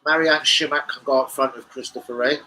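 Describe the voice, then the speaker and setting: A young man hosts a casual live football stream. He rambles, swears freely and talks back to his chat in an animated way. His voice sits at a middling pitch with a bright, sharp edge. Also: brisk, a little hiss or hum, rough recording. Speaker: football channel livestream host.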